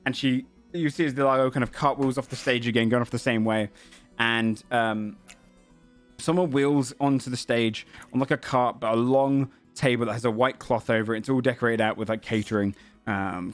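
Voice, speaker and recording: A man at a mid-range pitch narrates as game master of a tabletop campaign. He describes the scene in a relaxed, halting way, stopping often to search for words, while soft music plays behind him. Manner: loose, hesitant narration with many fillers.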